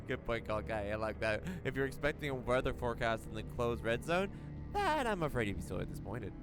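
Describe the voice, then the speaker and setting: A man's voice: medium pitch, a little fast. A young man streaming a game, reading its story aloud with stumbles and reacting with laughs. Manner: animated, stumbling reads, frequent laughs. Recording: voice over loud game music. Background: game music.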